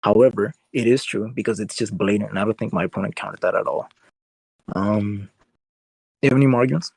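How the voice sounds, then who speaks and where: A man's voice: lowish voice, fast, gravelly, darkish tone, breathy edge, dry recording. A man debating casually, rambling with lots of filler words as he lays out his point. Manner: rambling, heavy use of "like" fillers.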